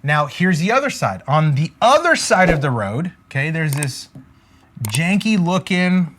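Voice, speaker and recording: His voice runs somewhat high, very animated and fairly bright, at a slightly slow pace. The man coaches business in a motivational manner, speaking emphatically, repeating catchphrases, and frequently asking "okay?" as he draws on a board.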